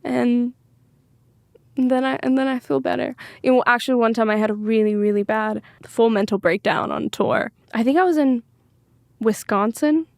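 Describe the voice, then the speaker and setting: A woman's voice: a little high, moderate pace, creaky, dry recording, clean studio sound. A woman singer-songwriter speaking openly as a podcast guest, rambling and full of filler words. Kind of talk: candid podcast interview.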